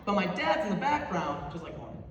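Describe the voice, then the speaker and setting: A young man doing stand-up comedy, animated and rambling, laughing through his stories with many fillers. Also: high-pitched, fairly quick. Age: young adult. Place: theater stage before a live audience. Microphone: audience phone from far off. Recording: echoey hall from far off, audience noise.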